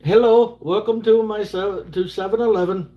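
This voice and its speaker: A man putting on an exaggerated Indian accent to voice a cheery male shop clerk in a high, loud, sing-song voice. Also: fairly even intonation, normal speed, dull audio, close to an everyday voice. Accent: Indian, put on.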